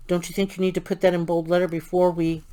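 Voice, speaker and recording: A woman hosting a crafting channel, telling an indignant, animated story about a customer service complaint while she works on a craft. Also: lowish voice, fast talker.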